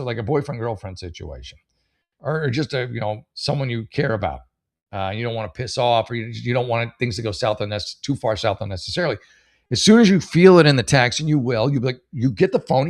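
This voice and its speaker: A man hosting a casual podcast, rambling through online posts and giving blunt advice, with many fillers and some swearing. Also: mid-range voice. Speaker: podcast host. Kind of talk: casual chat reading and advising on online posts.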